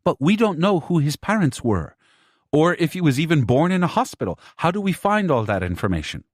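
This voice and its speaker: A man's voice: fairly high pitch, very animated, brisk, no echo, studio quality, pitched above the performer's own voice. A man voicing an anxious young wife and mother whose first language is Spanish, speaking earnestly in an audiobook.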